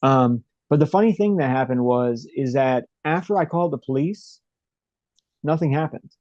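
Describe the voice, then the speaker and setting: A man's voice: medium pitch, moderate pace, a little mellow, no echo, highs cut off. A young man as an interview guest, telling a story in a rambling, casual way with many fillers and restarts.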